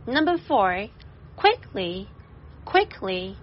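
A woman reading a children's story aloud and pronouncing vocabulary words with slow, careful enunciation. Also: medium pitch, very animated, dull audio, slight background noise. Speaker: story narrator and vocabulary teacher.

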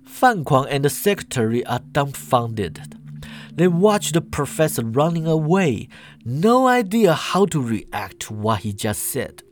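A man narrating a comedic audio story in an even, measured way. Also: fairly high pitch.

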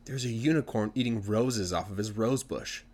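A man retelling a story for language learners in an animated, conversational way. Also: lowish voice, normal speed, slightly rough.

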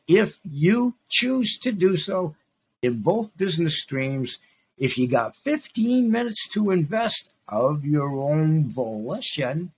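Gravelly man in his sixties, emphatic. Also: fairly high pitch, a little hiss or hum. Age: 60s. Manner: emphatic, repeats phrases. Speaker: podcast host. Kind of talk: casual monologue.

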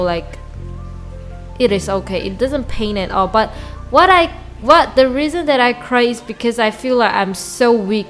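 A woman whose first language is Mandarin Chinese, hosting a solo diary podcast and talking haltingly as she searches for English words and restarts her sentences. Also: a little high, a bit bright. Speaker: podcast host.

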